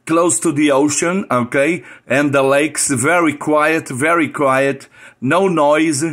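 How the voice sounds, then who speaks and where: An older man talks on a ham radio contact in slightly high-pitched, English. He is friendly and spells his call sign in the phonetic alphabet, often repeating himself as he speaks. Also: a bit bright. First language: Portuguese. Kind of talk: on-air amateur radio contact.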